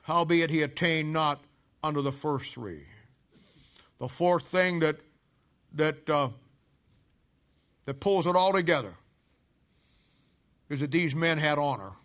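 A man preaching a sermon, telling a Bible story in a folksy, animated way with casual army slang. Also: fairly high pitch, takes it slowly, pauses often.

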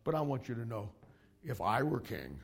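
A man putting on a smooth, scheming prince. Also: medium pitch, sing-song, normal speed, pitched below the performer's own voice, exaggerated voice. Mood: wheedling. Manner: soft, ingratiating and sympathetic.

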